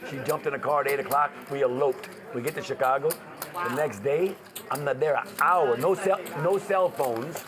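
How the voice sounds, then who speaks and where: A man's voice: medium pitch, normal speed. A man at a casino poker table telling a long story, acting out other people's voices and swearing freely. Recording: noisy casino crowd around the table.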